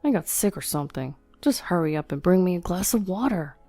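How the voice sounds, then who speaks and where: A woman's voice: lowish voice, animated, brisk, warm tone, dry recording, soft background music. A woman reading the lines of a selfish, bossy young husband who whines and complains in a petulant way. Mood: irritated.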